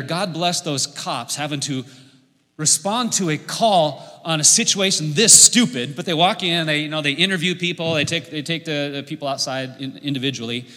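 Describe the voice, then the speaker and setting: A man's voice: fairly high pitch, bright, forceful tone, long reverb tail. A man preaching a sermon, telling a story animatedly and acting out the people in it. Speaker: pastor.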